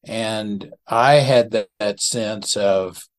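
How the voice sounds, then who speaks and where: Older man in his 70s, slow and chuckling, retelling old days as an interview guest. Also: fairly low pitch. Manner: unhurried, chuckling, self-deprecating. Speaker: ministry founder as guest. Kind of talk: reminiscing storytelling in an interview.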